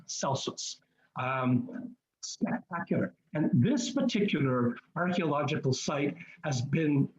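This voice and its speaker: Man, cruise webinar host, chatty, enthusiastic, rambling, fairly high voice, dull lo-fi computer audio. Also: darkish tone. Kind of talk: casual webinar presentation. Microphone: computer mic on a video call.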